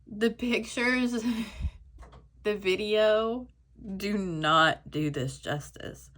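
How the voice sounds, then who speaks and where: Slow-talking woman gushing over an unboxing. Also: mid-range voice, expressive, a bit bright. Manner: gushing, emotional, breathless exclamations; chatty storytelling. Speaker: stationery YouTuber. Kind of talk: casual haul vlog, unboxing.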